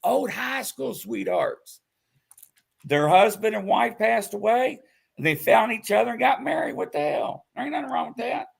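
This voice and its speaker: A man hosting a live show in casual chat, telling a story with loud acted-out quotes. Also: very high voice, normal speed, vocal fry, husky. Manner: animated storytelling, acts out quotes loudly. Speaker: host.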